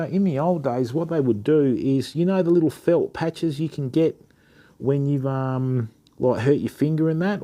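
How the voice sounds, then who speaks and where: A middle-aged Western Australian man hosts a live stream for his fishing channel, working on reels while chatting casually and matily with viewers. He speaks with an Australian accent in a warm, mid-range voice.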